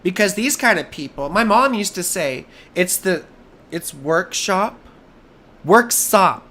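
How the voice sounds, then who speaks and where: A hoarse American man doing a live astrology chart reading, rambling and easily sidetracked, with jokey asides. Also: sits high, expressive, takes it slowly, pushed and bright.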